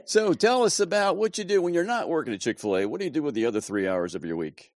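Male podcast host, animated and jokey, dry close sound. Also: on the high side, quick pace, dry recording. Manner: playful, joking. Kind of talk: podcast hosting.

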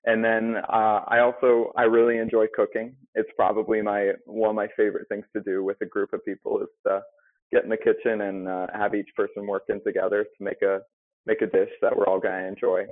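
A man's voice: on the low side, flat delivery, brisk, dry recording. A young man, a restaurant manager, answering interview questions hesitantly with many fillers. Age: young adult. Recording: phone-like, dry line.

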